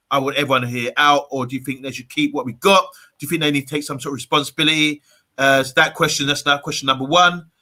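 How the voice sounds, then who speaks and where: A man's voice: a little high, pushed and bright. A man hosting a live fan stream, playfully bossy as he reads out viewer comments. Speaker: host of a live fan show. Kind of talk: casual live-stream chat.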